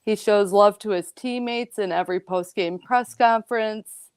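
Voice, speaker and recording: A woman's voice: medium pitch, moderate pace, clear, resonant tone, no echo, studio quality. A woman guest on a casual sports podcast, talking earnestly and getting emotional about her favorite player. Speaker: guest commentator.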